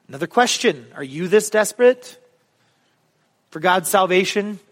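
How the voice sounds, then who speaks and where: A man's voice: a little high, normal speed, long reverb tail. A man preaching a sermon as pastor, casual and conversational with many ums, building to emphatic questions. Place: church sanctuary.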